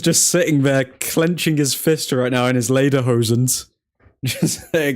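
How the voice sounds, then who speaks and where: A man's voice: medium pitch, fairly even intonation, measured pace. A chatty man hosts a live football watchalong in a casual, rambling way. He laughs often, reads chat aloud and breaks off to call out the play. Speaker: streamer host.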